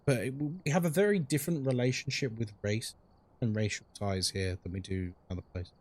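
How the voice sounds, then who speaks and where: A man's voice: medium pitch, fairly quick, no room sound. A young man streaming a ghost-hunting game live, chatting casually with his chat while he plays and reacting to what happens in the game.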